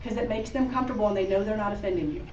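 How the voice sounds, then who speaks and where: A woman's voice: medium pitch, racing, a little mellow, slight background noise. A woman from Oregon giving a motivational sales talk to a group, chatty and laughing, speaking to the audience directly. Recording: echoey room, distant mic, dull sound.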